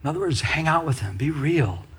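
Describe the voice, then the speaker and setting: A man preaching a loose, conversational sermon in a somewhat high, husky voice. He is animated and keeps turning to the congregation with quick asides, as if talking with them rather than at them. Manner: animated, talks straight to the congregation with frequent asides. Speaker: pastor.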